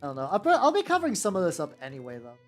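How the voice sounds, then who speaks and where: Lively, rambling VTuber chatting while painting. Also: medium pitch, racing. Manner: rambling and profane, with frequent self-restarts; greets and chats with viewers while working. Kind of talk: casual live-stream chat while painting. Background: faint background music.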